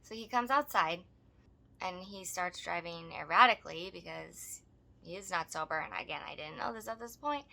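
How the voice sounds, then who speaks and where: A woman's voice: medium pitch, gravelly, pushed and bright. A woman co-hosting a podcast, telling a story casually with lots of swearing and emphasis. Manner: profane, emphatic retelling. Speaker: podcast co-host.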